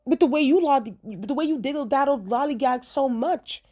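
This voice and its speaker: A woman's voice: high-pitched, brisk, a little mellow. A young woman talking through a TV episode in a casual review vlog, chatty and emphatic, repeating herself for effect. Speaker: TV show reviewer.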